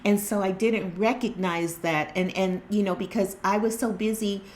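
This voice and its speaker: A woman's voice: medium pitch, fairly even intonation, moderate pace, darkish tone. Woman doing a tarot reading vlog at home, earnest chatty rambling, lots of um and restarts. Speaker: spiritual tarot reader and channel host. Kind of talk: casual spiritual vlog chat. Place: indoors at home by natural light.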